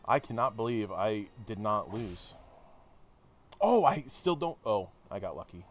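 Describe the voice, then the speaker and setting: A man's voice: fairly low pitch, sing-song, measured pace. Chatty man streaming a game. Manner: chatty, talks to chat, thinks aloud with restarts. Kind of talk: casual game livestream commentary.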